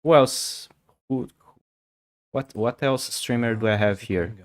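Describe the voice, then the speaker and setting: A man's voice: mid-range voice, takes it slowly. A man, a Portuguese speaker, chatting casually with viewers on a chess stream, often stammering and repeating words. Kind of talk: casual livestream chat.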